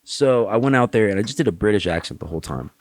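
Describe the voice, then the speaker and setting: Brash, profane man, low voice. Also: animated, fast, a little mellow. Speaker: podcast guest, actor. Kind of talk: casual chat. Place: podcast studio.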